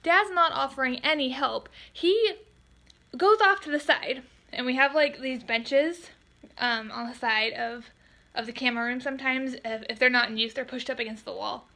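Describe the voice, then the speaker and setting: In a storytime vlog, a woman photographer recounts her experiences in an animated, exasperated way. Her voice sits high, and she mimics customers in quick little voices.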